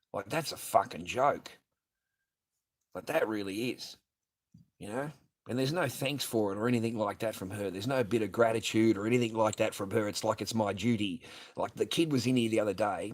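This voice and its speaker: Middle-aged man ranting on a livestream. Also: fairly low pitch. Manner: profane ranting with laughs. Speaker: livestreaming mask artist. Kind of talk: casual livestream chat.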